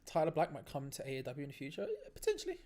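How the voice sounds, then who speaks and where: A man hosting a live stream, giving excitable play-by-play reactions to a match, laughing often and restarting his phrases. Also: mid-range voice, racing. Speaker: watch-along stream host.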